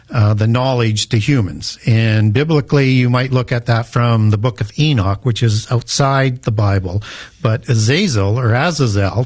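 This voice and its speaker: A man's voice: mid-range voice, a little mellow, no echo. A man explaining ancient myths as an interview guest, lecturing and correcting the host with frequent restarts. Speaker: guest author and researcher.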